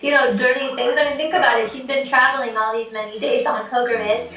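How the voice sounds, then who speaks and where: Quick and steady, this high, pushed, bright female voice belongs to a Tibetan woman casually narrating a folk tale with plenty of fillers and laughs. Slight background noise accompanies the echoey room sound from a distant mic.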